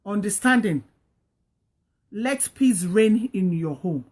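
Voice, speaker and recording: A woman with a medium-pitched, expressive, slightly mellow voice and a breathy edge speaks slowly, offering casual marriage advice online. Preachy and earnest, she repeats her points and acts out what couples should say.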